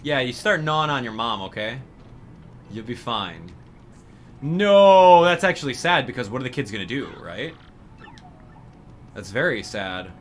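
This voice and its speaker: A man's voice: medium pitch, sing-song, measured pace, long pauses, slight background noise. A man giving a playful, sarcastic commentary over a video game he is playing. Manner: sarcastic, joking asides. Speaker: gaming commentator. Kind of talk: let's play commentary.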